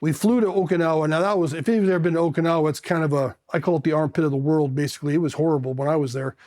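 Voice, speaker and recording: A man's voice: a little high, steady tone, very fast, a little mellow. A man in his fifties from California, a Marine veteran telling candid stories in a blunt, rambling way, swearing casually. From California, USA. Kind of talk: candid storytelling.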